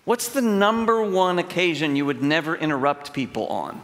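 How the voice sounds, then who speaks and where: A man's voice: fairly high pitch, sing-song, normal speed, few pauses, a bit bright. A middle-aged man preaching a sermon in a large church, telling stories in a conversational way and acting out quotes with emphasis. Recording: long hall reverb.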